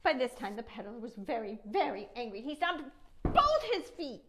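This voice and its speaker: A woman librarian reading a picture book aloud to children, expressive and asking them questions. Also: sits high, moderate pace, slight background noise. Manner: expressive storytelling, asks young listeners questions.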